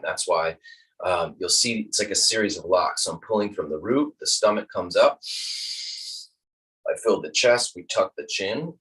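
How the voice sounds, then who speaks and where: Low husky guy leading a breathing class, sounds a bit far from the mic. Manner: calm, instructive, demonstrates breaths aloud. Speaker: breathwork instructor. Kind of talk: guided breathing lesson.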